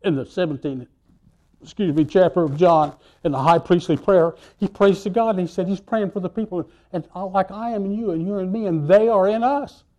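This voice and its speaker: Male preacher, mellow and slightly high voice, animated storytelling sermon with sudden loud and soft turns. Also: brisk.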